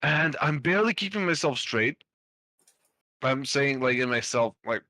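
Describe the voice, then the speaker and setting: In an animated, mid-range voice that sounds pushed and bright, a young man loosely recounts a long story on a podcast at a moderate pace, heavy on fillers and casual cursing. It's casual storytelling among friends, recorded dry.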